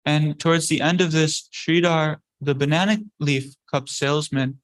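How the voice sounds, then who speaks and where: A man's voice: fairly high pitch, steady tone, poor audio. Man telling a scripture story. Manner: conversational, halting storytelling. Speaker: religious teacher.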